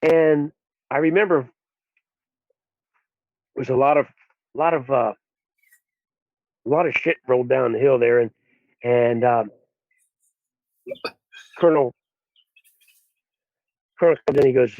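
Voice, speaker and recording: A man telling an army story as a podcast guest, animated and acting out the people he quotes. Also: medium pitch, measured pace, pauses often, no room sound. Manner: animated, acts out quotes in raised voices. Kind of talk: storytelling in conversation. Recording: dry tinny phone-like line.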